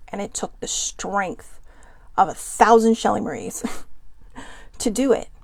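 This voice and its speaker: A woman's voice: medium pitch, gravelly, darkish tone, no room sound. A woman hosting her own talk show, speaking earnestly and from the heart about mental health, holding back tears. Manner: earnest and heartfelt, tender at times. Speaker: host. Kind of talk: personal vlog monologue.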